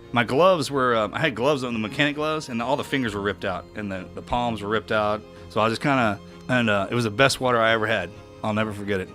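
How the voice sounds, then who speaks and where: Middle-aged guy telling a wild story on a podcast, bright voice, lots of restarts. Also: medium pitch. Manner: vivid, emotional retelling with many restarts. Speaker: podcast guest.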